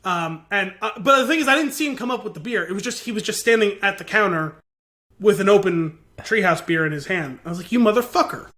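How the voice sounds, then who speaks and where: A man co-hosting a podcast, telling a rambling, animated story with laughter over a remote call. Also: high-pitched, quick pace. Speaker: podcast co-host. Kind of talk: casual chat. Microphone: video call.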